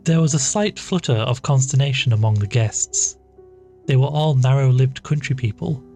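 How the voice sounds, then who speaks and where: A man's voice: mid-range voice, moderate pace. Man narrating a classic story. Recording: faint background music.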